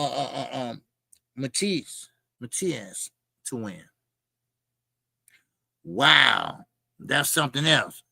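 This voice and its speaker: Gravelly high-voiced man ranting about boxing. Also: no room sound. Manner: animated, blunt and profane, ranting. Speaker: boxing show host. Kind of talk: casual boxing commentary.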